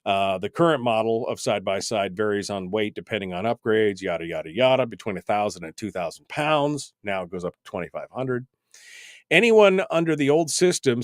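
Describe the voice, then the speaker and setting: With a medium-pitched voice captured in clean studio sound without echo, a fifty-something talk radio host rambles wryly through an exasperated monologue packed with asides.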